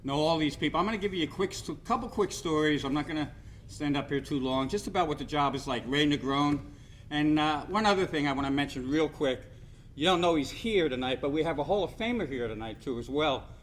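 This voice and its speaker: Older New sportswriter at a banquet podium, chatty and self-deprecating, light hum behind. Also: male voice, fairly high pitch, brisk. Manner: rambling storyteller, self-deprecating jokes. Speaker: sportswriter giving hall of fame speech. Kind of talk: after-dinner speech with anecdotes.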